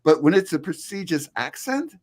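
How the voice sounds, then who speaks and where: A man's voice: on the high side, moderate pace. A middle-aged man, a linguistics professor, talking in an interview over a video call, explaining with frequent restarts. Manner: animated, many restarts, explanatory. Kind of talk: conversational interview.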